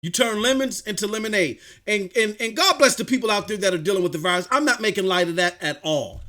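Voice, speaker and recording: High, bright-voiced excitable male streamer. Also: quick pace. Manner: excitable, shouting bursts, mocking impressions. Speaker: livestream host. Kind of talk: animated live-stream gaming talk.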